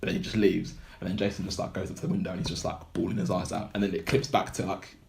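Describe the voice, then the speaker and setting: A young man talks through a film plot in a casual podcast chat. His voice sits a little low, and his telling wanders, with fillers and restarts piling up. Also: little pitch movement, very fast, vocal fry, slight background noise. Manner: rambling storyteller, heavy filler words. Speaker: podcast co-host.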